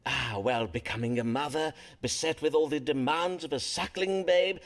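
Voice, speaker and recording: An actor playing a courteous Elizabethan doctor-astrologer in a video game, speaking in formal, archaic phrases with polite tact. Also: male voice, on the high side, moderate pace, natural voice.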